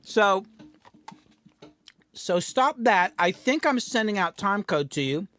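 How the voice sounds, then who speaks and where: A man's voice: sits high, lively intonation, takes it slowly, a bit bright. A man hosts a livestream of his recording session, chatting in a loose, rambling way. He sometimes talks with his mouth full and keeps a casual tone. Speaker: music producer streaming a studio session. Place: home recording studio.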